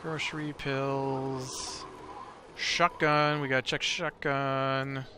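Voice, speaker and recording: A man chats his way through a video game, drawling along slowly with plenty of ums and uhs. His voice sits at an ordinary middle pitch. Steady background noise runs under the recording. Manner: rambling, many filler words. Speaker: let's play host. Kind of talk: casual gameplay commentary.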